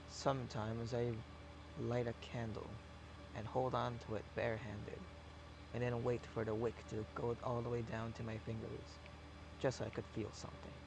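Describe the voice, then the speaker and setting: A young man streaming a farming game, rambling with deadpan jokes and a sore, scratchy throat. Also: medium pitch, normal speed, gravelly. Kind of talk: casual gameplay commentary.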